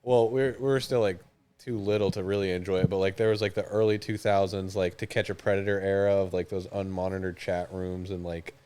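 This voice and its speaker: A young man co-hosting a comedic podcast, making deadpan jokes in casual chat. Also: deep voice, a little fast, clear, resonant tone. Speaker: podcast co-host.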